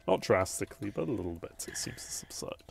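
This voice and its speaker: Man, game master, very deep voice, relaxed casual narration with swearing. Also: quick pace, vocal fry, a little hiss or hum.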